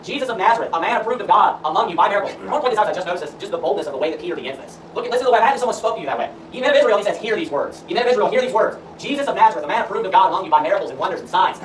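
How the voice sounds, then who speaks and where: A man's voice: high-pitched, expressive, rapid-fire, few pauses. A man preaching a sermon and reading scripture aloud, emphatic and full of rhetorical questions. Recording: roomy echo, far from the mic, faint room noise.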